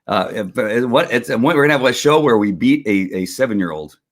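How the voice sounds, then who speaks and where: A man's voice: mid-range voice, animated, a little fast. A middle-aged man hosting a casual livestream, rambling with lots of restarts and chuckles. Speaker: host of a faith and politics livestream.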